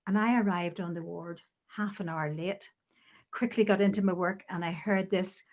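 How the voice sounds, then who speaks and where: An older woman telling her memories in an interview, lively and often laughing. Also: mid-range voice, moderate pace. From Northern Ireland. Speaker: guest. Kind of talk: storytelling interview.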